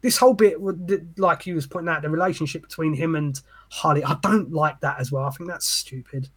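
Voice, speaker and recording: A man on a podcast, ranting and swearing in animated casual chat. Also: on the high side, a little fast, breathy edge. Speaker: podcast co-host.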